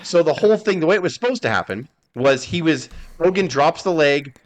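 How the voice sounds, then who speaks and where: A man's voice: a little high, expressive, a little fast. A man hosting a wrestling podcast, recounting events in a heated, profane way. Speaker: podcast host. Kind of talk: casual chat.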